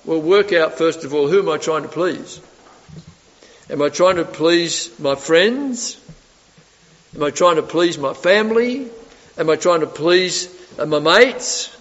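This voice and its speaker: A preacher with a fairly high voice delivers a sermon, firing rhetorical questions at his listeners and swinging between loud emphasis and soft asides. He's animated and unhurried, pausing often. A long church-hall reverb rings around him, and the recording sounds dull and lo-fi.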